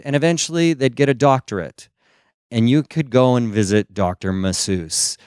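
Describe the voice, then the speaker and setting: A man from Seattle doing a stand-up comedy set, telling a story with lively energy and sudden jumps into high squeaky voices when he quotes people. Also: normal speed, smooth, no echo, clean studio sound. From Seattle, USA.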